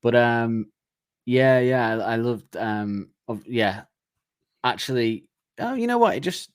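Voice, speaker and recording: A man's voice: medium pitch, animated, measured pace, clear, resonant tone, no echo, clean studio sound. A man co-hosting a casual music podcast, rambling through his thoughts with plenty of laughs and restarts. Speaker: podcast co-host. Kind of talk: casual chat.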